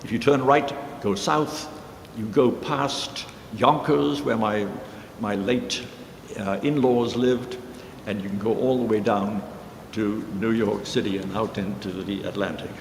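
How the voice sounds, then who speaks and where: A man musician telling a rambling story in a casual way, pausing with fillers. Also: on the low side, steady tone, creaky, a little hiss or hum. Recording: reverberant hall with guitar music.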